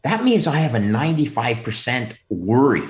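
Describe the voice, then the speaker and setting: A man chatting casually as a guest on a video call, emphatic and animated. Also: medium pitch, normal speed, reverberant. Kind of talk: casual chat.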